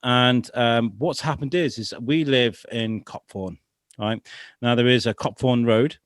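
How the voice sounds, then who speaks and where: A man's voice: mid-range voice, steady tone, unhurried, dry recording, clean studio sound. A man co-hosting a podcast, telling a story in casual chat with lots of swearing. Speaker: podcast co-host.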